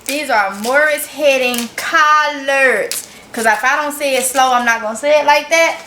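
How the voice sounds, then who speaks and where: Southern woman vlogger with a Mississippi accent, higher voice, unhurried folksy chat, echoey room. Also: pushed and bright, slight background noise. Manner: chatty, folksy, addresses viewers as y'all. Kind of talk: casual cooking vlog.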